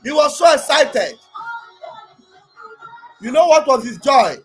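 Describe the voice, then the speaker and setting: A man gives animated, mocking commentary over video clips, repeating phrases and breaking into shouts. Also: very high-pitched, slow pace, faint music behind. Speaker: online commentator.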